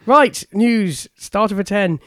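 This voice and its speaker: A man's voice: sits high, slow, a bit bright. A man co-hosting a podcast, reading out news stories with chuckling asides. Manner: reads items out, chuckling asides. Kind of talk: casual chat, reading news aloud.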